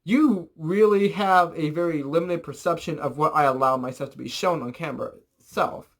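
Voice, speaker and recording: A young man telling a rambling, animated storytime in a casual vlog, full of fillers and the odd swear word. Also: on the high side, moderate pace. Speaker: vlogger.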